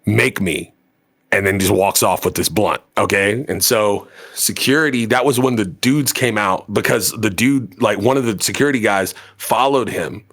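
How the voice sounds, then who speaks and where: A man's voice: on the low side, moderate pace, few pauses, a bit bright. A man co-hosting a podcast, telling a story in casual chat, rambling and full of fillers and swearing. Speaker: podcast co-host.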